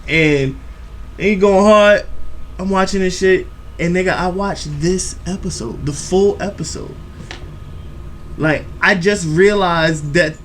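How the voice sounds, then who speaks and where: A young man telling a profane, animated story on a reaction video channel. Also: fairly high pitch, a little hiss or hum. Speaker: YouTube reaction host. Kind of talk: storytelling vlog chat.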